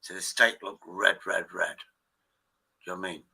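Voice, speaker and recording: Bright-voiced man, rambling and swearing. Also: deep voice, little pitch movement, moderate pace, gravelly, husky, low-quality recording. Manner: swears freely, rambling with many restarts. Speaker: live stream host. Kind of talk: rambling casual chat with viewers.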